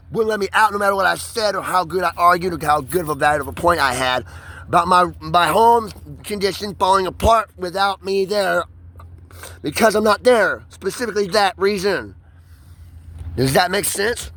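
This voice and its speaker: Rambling profane man talking alone. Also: a bit bright. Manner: rambling, profane, swings between high and low pitch. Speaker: vlogger. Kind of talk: rambling solo monologue.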